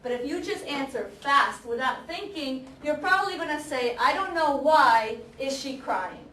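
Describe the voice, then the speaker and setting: A woman teaching an English grammar class, speaking slowly and deliberately, repeating example sentences and quizzing her students. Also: sits high, lively intonation, a bit bright. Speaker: ESL teacher. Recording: echoey classroom, camera far off, faint noise.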